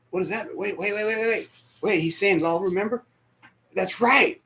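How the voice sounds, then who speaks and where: A man preaching a sermon as pastor, emotional, dropping to near whispers and rising to shouts. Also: high-pitched, lively intonation, normal speed, gravelly. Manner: emotional, swings from hushed to shouting. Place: church sanctuary.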